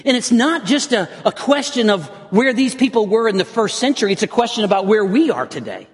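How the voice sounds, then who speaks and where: A pastor delivers his sermon in a high, slightly husky voice. He preaches earnestly, often restarting phrases as he builds toward intense emphasis. The sound carries the long reverb of a church hall. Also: animated, a little fast.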